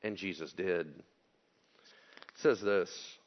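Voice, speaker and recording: A male pastor preaching a conversational sermon, animated and joking. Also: low voice, very slow, dull audio. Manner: animated, joking, acts out quotes.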